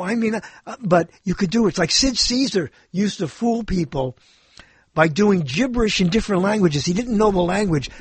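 Husky high-voiced joking male host. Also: no room sound. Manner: jokey, digressive, stumbles and corrects himself. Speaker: radio show host. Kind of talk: casual rambling monologue.

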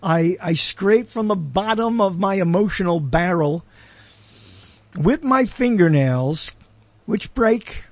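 An older man from Brooklyn rambles through a solo monologue as host of his own show. His voice sits high for a man and has a husky grain. He keeps drifting off topic, questioning and correcting himself, and the sound is close and dry. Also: animated, takes it slowly, no echo. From Brooklyn, New York.

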